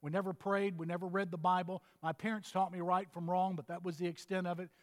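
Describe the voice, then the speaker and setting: Older male pastor from Texas, folksy storyteller, high voice, echoing hall. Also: level tone, fast talker. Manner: folksy storytelling preacher, humorous asides. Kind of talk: sermon. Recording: reverberant hall.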